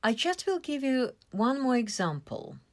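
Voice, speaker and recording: A woman teaching English vocabulary at an unhurried pace. Her pitch rises and falls in lively swings as she spells out meanings and syllable stress with care. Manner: slow, careful explaining with stressed syllables. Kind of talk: vocabulary lesson.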